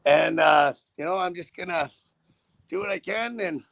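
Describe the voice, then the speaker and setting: Blunt profane trucker, high gravelly voice. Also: male voice, moderate pace, fairly bright tone. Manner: blunt, profane, rambling with restarts. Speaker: truck driver. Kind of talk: casual on-camera chat.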